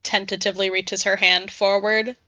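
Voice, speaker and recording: A woman's voice: mid-range voice, level tone, moderate pace, sharp tone, no room sound. A woman playing a tabletop game, plainly narrating her character's actions. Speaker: player. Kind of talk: tabletop role-play, describing actions.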